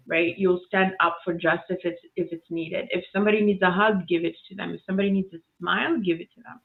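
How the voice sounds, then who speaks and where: A woman telling a lively story about kindness as a guest on a video call, laughing often and acting out voices. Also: medium pitch. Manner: animated, laughs often, acts out voices in stories. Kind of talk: casual storytelling. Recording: tinny phone-like line.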